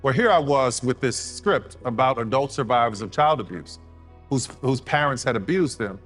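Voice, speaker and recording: A man's voice: medium pitch, animated, normal speed, a bit bright, faint music behind. A man giving a motivational speech in a storytelling, sermon-like way, repeating key words for emphasis. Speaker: motivational speaker.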